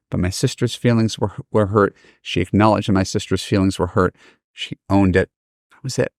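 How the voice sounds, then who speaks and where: A middle-aged man hosting a podcast, telling stories and giving advice in a lively, casual way and acting out the people he quotes. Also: fairly low pitch, measured pace, no room sound, studio quality. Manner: animated, acts out quoted voices. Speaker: podcast host and dating coach. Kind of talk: casual storytelling advice talk.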